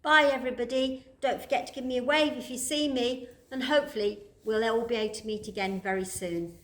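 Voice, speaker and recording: A woman leading a church toddler group, speaking gently in simple words to small children. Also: a little high, steady tone, brisk. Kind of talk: children's worship session.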